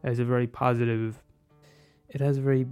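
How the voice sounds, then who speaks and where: A man's voice: mid-range voice, little pitch movement, quick pace, a little mellow, clean tone, soft background music. A man talking casually about a favourite film, rambling and restarting, swearing and laughing as he goes. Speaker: film commentator. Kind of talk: casual monologue.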